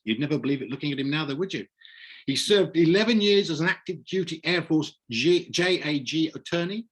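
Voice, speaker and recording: Jovial husky British host. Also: male voice, a little high. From Britain. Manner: jovial, teasing. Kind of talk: hosting an online poetry reading.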